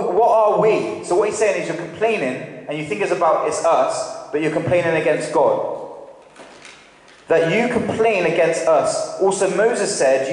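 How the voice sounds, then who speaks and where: Male preacher, higher voice, chatty questioning delivery, long church reverb. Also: darkish tone. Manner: conversational, asks the congregation questions. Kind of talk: sermon. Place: church hall. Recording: very echoey hall with long reverb.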